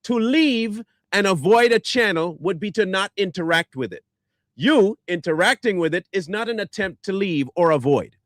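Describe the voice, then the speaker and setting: Combative high-voiced male ranter. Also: lively intonation, moderate pace, a bit bright, dry recording. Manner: combative, insulting, sarcastic. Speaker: online commentator. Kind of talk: ranting reply to viewer comments.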